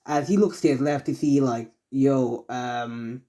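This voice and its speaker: A man narrating a homemade fan story off the cuff, rambling along with constant fillers and stops to correct himself. His voice is mellow and dark. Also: mid-range voice, measured pace. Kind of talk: improvised fan-fiction narration.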